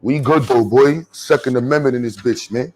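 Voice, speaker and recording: A man's voice: medium pitch, fairly quick, a little mellow, close to an everyday voice. A man putting on a swaggering, armed young man in a mocking impression, with thick New York slang.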